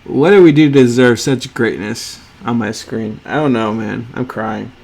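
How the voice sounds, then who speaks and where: A man hosting a sneaker art channel, reacting to drawings on screen with gushing, theatrical awe that swings from loud to hushed. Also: mid-range voice, moderate pace, gravelly.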